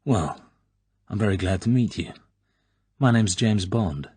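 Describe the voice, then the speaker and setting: A man's voice: lowish voice, expressive, measured pace, warm tone, slightly rough, no echo. A man voicing a cool, sarcastic British spy in an audiobook reading. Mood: cool sardonic.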